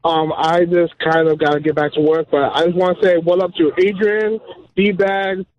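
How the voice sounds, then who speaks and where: A man's voice: a little high, level tone, moderate pace, a little hiss or hum. A man calling into a radio show, laid-back and slangy, hesitant at times. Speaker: caller. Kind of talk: casual phone-in talk. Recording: dull phone line.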